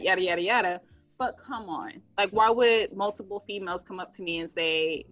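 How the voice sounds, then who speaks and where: A woman's voice: mid-range voice, a little fast, fairly bright tone. Blunt young woman co-host. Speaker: podcast co-host, bartender. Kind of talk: casual podcast chat.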